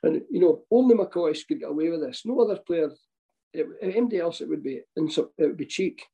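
A man's voice: on the high side, lively intonation, fairly quick, vocal fry, dark tone, low-quality recording. An older man with a Scottish accent, a former football manager telling rambling anecdotes with chuckles and restarts. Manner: chuckling, rambling with restarts, acts out voices in quotes. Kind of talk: anecdotal storytelling.

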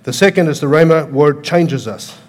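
A man preaching a sermon, swinging from loud, emphatic lines to quiet storytelling, with an accent that sounds foreign to American ears. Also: a little high, lively intonation, moderate pace. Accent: foreign to American listeners. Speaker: pastor.

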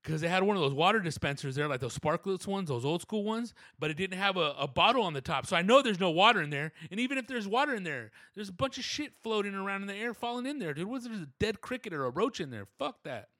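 A man's voice: high-pitched, animated, quick pace, hardly any pauses, pushed and bright, dry recording, studio quality. A man telling a rambling, slangy, profane story, dropping into voices of the people in it. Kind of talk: casual storytelling monologue.

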